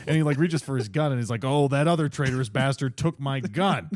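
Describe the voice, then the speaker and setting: A man co-hosting a casual book podcast, retelling the plot with lively voices for the characters. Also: fairly quick, hardly any pauses, no echo, clean studio sound. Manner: animated retelling, acting out characters with pitch swings. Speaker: podcast co-host. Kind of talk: casual book club chat.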